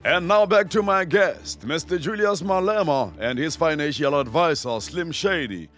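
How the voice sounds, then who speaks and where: Man reading mock news, deadpan. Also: on the high side, moderate pace, over music. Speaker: satirical news anchor.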